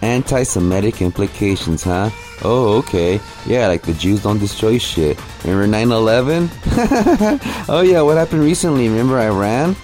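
A man's voice: lowish voice, brisk, hardly any pauses, a little mellow, soft background music. A man giving profane commentary over clips, with crude, sneering rants. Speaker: commentary host.

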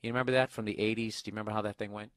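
Speaking very fast in a lowish voice with little pitch variation, a man hosts a comedy podcast from a hotel room. Using one microphone and no headphones, he reads a listener email and turns it into a sarcastic, foul-mouthed rant.

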